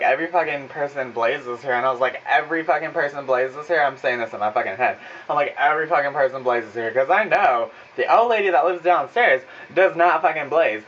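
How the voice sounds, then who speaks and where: A man's voice: on the high side, a bit bright, a little hiss or hum. A young man telling a sarcastic, profane story in a casual vlog from his home kitchen, filmed on a phone. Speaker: vlogger. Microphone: phone camera. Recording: dull phone recording.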